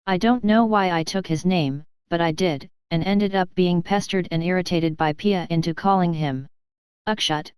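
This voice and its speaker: A woman narrating a novel in the first person with a steady storytelling delivery. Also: fairly low pitch, smooth, dry recording. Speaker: audiobook narrator.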